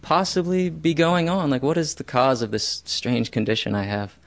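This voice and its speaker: A young man telling a first-person true story in a self-mocking way, with loud bursts when he voices his own panic. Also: fairly high pitch, animated, moderate pace, gravelly.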